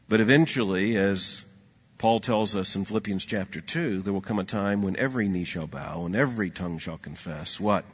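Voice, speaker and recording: A man preaching a sermon, swinging between loud emphatic lines and hushed low asides, with a husky voice. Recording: long hall reverb.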